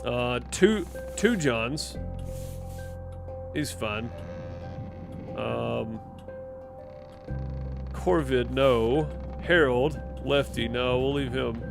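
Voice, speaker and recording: A man's voice: medium pitch, extremely slow, vocal fry, pauses often, over music. Self-deprecating man reading game text. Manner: self-deprecating, stumbles over words while reading aloud. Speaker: gaming channel host. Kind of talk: let's play commentary and reading game text.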